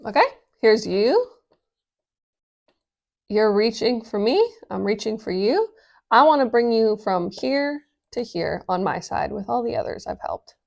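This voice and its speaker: Upbeat woman with a gravelly voice. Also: fairly high pitch, measured pace. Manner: energetic, swears casually, many "like" fillers. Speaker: business coach. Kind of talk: casual explainer vlog.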